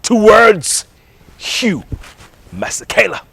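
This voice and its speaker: A man's voice: high voice, very animated, takes it slowly, creaky, a bit bright, breathy edge, dry recording. Host, man, enthusiastic, hypes the guest, dry close mic. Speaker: talk show host. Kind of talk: TV interview and show hosting.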